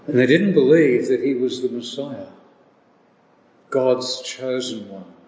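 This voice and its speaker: Male preacher, unhurried, deliberate, in a reverberant church hall with long echo. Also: mid-range voice, darkish tone. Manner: slow, deliberate delivery with rhetorical questions. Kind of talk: sermon.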